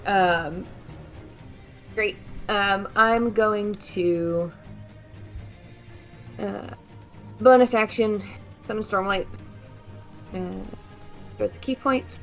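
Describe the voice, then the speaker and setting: A woman's voice: mid-range voice, very slow, long pauses, fairly bright tone, soft background music. A woman speaking casually as a player at a tabletop game, hesitant with many ums and dry humor.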